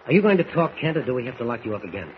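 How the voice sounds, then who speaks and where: An actor playing a stern, officious district attorney with a clipped, coldly formal delivery in a mid-range voice. Classic 1940s radio acting. Dull, muffled sound with a faint hiss. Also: male voice, medium pitch, very animated, very fast, a faint crowd, close to an everyday voice.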